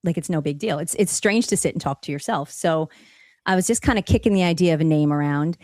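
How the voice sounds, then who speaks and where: Chatty New Jersey woman, low voice. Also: fast talker, darkish tone, dry recording. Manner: chatty, laughing storyteller. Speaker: podcast guest. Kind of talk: casual chat.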